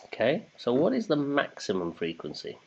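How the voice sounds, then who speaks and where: Chatty quiz host, lively pitch. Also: male voice, normal speed, vocal fry. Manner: chatty, jokey, reads questions in English then German. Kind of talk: casual livestream quiz hosting. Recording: dull lo-fi sound.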